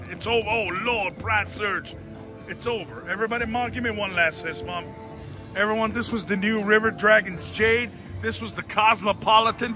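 A man giving excited running commentary on his slot machine spins, often exclaiming and speaking straight to his viewers. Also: high voice. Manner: exclamatory, keeps saying "oh, Lord" and "everybody". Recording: casino with slot machine music behind. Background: slot machine music.

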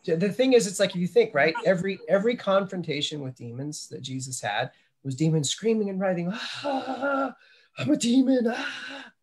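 A man's voice: on the high side, expressive, fairly quick, a little hiss or hum. A man in a church class sharing a personal testimony, telling it in a reflective, meandering way. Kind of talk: storytelling testimony.

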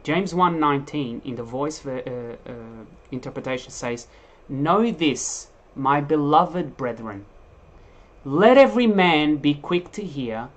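A man preacher delivering a sermon in an emphatic, animated way, with frequent restarts. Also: on the high side, measured pace.

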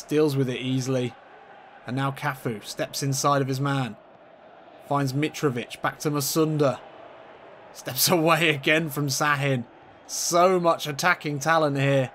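A man calling his own football video game in a mock-commentator style, with a fairly high voice that shoots up whenever a chance comes. His delivery is excitable and playful. A faint hum of noise sits behind him. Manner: excitable, jumps high in pitch at chances, laughs often. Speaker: gaming YouTuber commentating his own match.

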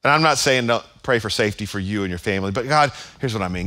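A man's voice: on the low side, expressive, fast talker, hardly any pauses, sharp tone. A man pastor preaching a sermon at a church service, emphatic and full of repeated phrases.

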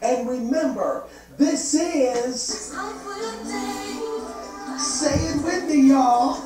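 A man doing a stand-up comedy set, telling stories with lively, loud punchlines. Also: extremely high pitch, extremely slow, music in the background. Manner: animated storytelling, loud punchlines. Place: comedy club stage. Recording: echoey club with crowd noise. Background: audience laughter.

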